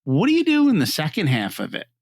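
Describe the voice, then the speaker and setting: A man's voice: fairly high pitch, fast, no room sound. A man hosting a podcast interview, chatty and relating examples from TV. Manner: lively, chatty, relates pop-culture examples. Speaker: podcast host. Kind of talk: conversational interview.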